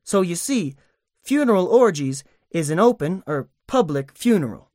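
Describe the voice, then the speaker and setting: A man's voice: high voice, big pitch swings, moderate pace, a little mellow, dry recording, studio quality, pitched above the performer's own voice. A man doing a pompous old con man. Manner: grandiose, long-winded, unctuous. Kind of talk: audiobook character voice.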